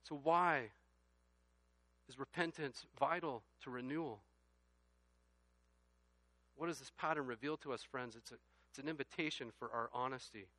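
A man preaching a sermon, reading scripture aloud and rising from quiet reflection to loud, emphatic passages. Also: medium pitch, moderate pace, long pauses, no room sound. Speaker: pastor.

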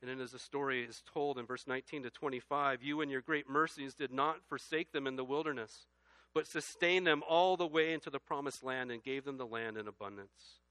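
A man preaching a sermon, reading scripture aloud and rising from quiet reflection to loud, emphatic passages. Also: medium pitch, fairly quick, no room sound. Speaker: pastor.

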